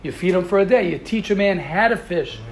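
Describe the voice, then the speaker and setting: A man's voice: high voice, lively intonation, a little fast. A man giving a passionate, informal Torah talk as a yeshiva rabbi, often repeating words and restarting.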